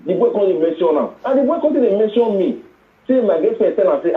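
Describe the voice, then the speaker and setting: A man's voice: sits high, expressive, fast. A man with a Nigerian accent calling in over the phone, pleading and upset as he tells his trouble. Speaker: caller. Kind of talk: phone-in counselling talk. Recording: tinny phone line in an echoey room.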